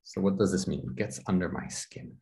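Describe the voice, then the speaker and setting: Gravelly male English teacher. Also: sits low, normal speed, a little mellow. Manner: encouraging, explains with examples. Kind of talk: online group class. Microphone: video call.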